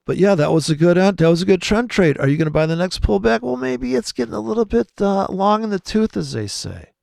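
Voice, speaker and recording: A man's voice: high voice, animated, a little fast, creaky, a little mellow, no echo, studio quality. A man giving rambling, profane, sardonic commentary over trading charts, muttering asides and often laughing to himself. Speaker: trading video host.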